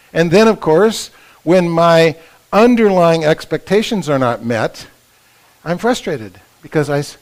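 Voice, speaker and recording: Chatty man teaching, high voice. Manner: conversational, frequent "right?" and "okay?" check-ins; acts out quoted spouses in raised voices. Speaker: retreat speaker. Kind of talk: informal teaching talk. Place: retreat conference room.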